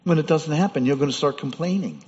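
A man's voice: a little high, fast talker, darkish tone. A man preaching a sermon as pastor, in a conversational way with rhetorical questions. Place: church. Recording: dull sound with hall reverb.

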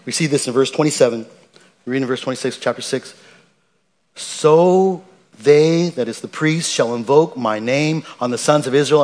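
A man's voice: medium pitch, normal speed, a little mellow. A man, a pastor, preaching an earnest, emphatic sermon with frequent restarts and repetitions.

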